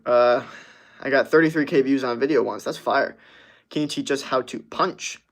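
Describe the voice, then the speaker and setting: Laid-back young man with a gravelly voice. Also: mid-range voice, moderate pace. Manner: laid-back, reads comments aloud, laughs easily. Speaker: streamer answering chat. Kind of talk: casual livestream chat.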